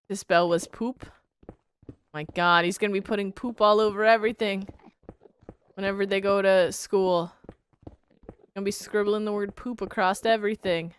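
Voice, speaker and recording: A woman's voice: mid-range voice, fairly even intonation, moderate pace, long pauses, slight background noise. A woman streaming a game and chatting casually with a laid-back drawl and a stuffy nose, speaking into a desk microphone. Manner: laid-back, drawling, frequently says "bruh". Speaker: live streamer. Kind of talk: casual chat while gaming.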